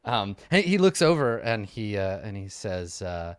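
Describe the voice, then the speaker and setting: A man narrating a tabletop role-playing game as its game master. His voice is a bit low, and he pauses with fillers often. The recording is dry and close. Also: sing-song, clear, resonant tone, dry recording. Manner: hesitant, many fillers between lines.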